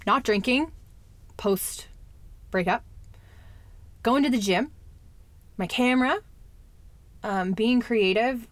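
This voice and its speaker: A woman's voice: medium pitch, measured pace, long pauses. A young adult woman talking candidly in a casual chat, lots of "like" and the odd swear word. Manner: candid, chatty, fillers and swearing.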